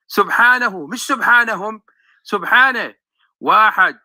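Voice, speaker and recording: Man, Levantine Arabic accent, high voice, dry close sound, argumentative voice message. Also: racing, pushed and bright, no room sound. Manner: argumentative, insistent, reciting scripture to make a point. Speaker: relative sending a voice message. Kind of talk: recorded voice message.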